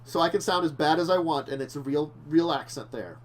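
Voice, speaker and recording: A man's voice: fairly high pitch, brisk. A man co-hosting a casual talk show, rambling and correcting himself, laughing often. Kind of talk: casual chat.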